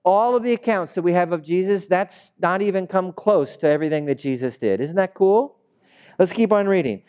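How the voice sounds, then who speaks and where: A man's voice: high voice, lively intonation, normal speed, a little mellow. A younger man, a pastor, giving a conversational, jokey sermon and drawing the congregation into call-and-response. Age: young adult. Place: church sanctuary with a congregation.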